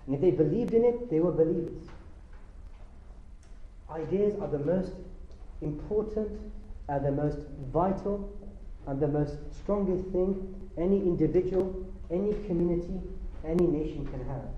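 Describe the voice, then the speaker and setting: A man's voice: fairly high pitch, normal speed, pauses often. A man giving a religious lecture, impassioned and rhetorical, asking his audience questions. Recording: roomy lo-fi lecture hall recording.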